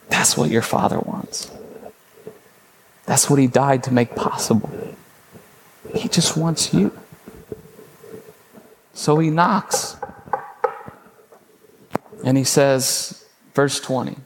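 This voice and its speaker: A man, a father in his thirties or forties, preaching a sermon as a pastor in a relaxed storytelling way, often checking in with "right?". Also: medium pitch, slow, vocal fry, long pauses, slight background noise. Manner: conversational, storytelling with frequent "right?".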